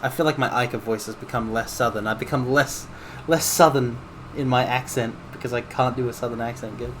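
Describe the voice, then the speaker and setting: A man streaming a video game, rambling casually and breaking into quick exclamations. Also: medium pitch, steady tone, fairly bright tone, slight background noise. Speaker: livestreamer playing a video game. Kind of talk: casual gameplay commentary.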